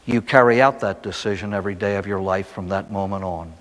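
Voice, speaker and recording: A man, a priest, giving a recovery talk in a folksy storytelling way, firing off rhetorical questions and dropping from loud emphasis to hushed asides. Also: sits low, steady tone, brisk, long reverb tail.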